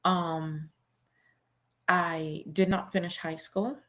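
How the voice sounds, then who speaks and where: A woman's voice: lowish voice, fairly even intonation, slow, a bit bright. A woman hosting a show, reading a memoir aloud in the first person in a plain, conversational storytelling way with casual fillers.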